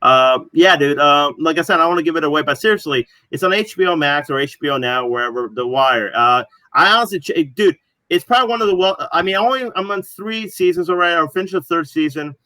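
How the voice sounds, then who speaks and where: Bright-voiced rambling male podcaster. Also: on the high side, fast, dry recording, low-quality recording. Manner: rambling, filler-heavy storytelling. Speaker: podcast co-host. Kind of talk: casual chat.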